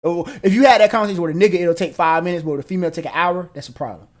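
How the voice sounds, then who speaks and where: A man's voice: high-pitched, very fast. A man co-hosting a podcast in casual, slangy, profane chat, acting out the back-and-forth of arguments. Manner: animated, slangy and profane, acts out quoted exchanges. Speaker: podcast co-host.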